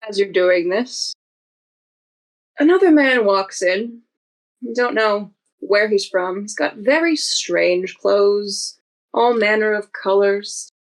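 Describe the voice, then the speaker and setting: A woman narrating a tabletop game as game master, vivid and unhurried. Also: mid-range voice, lively intonation, low-quality recording.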